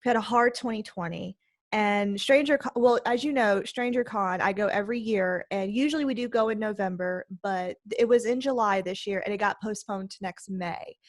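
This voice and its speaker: A woman co-hosting a podcast, chatting casually in an excitable, talkative way. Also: mid-range voice. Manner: excitable, chatty, quick to laugh. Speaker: podcast co-host.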